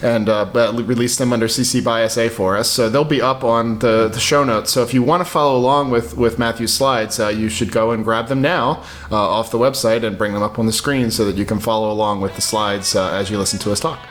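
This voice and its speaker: A man co-hosting a podcast talks in a fast, chatty rush. His sentences often trip and restart. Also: medium pitch, steady tone, faint music behind. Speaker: podcast co-host. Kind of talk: casual chat.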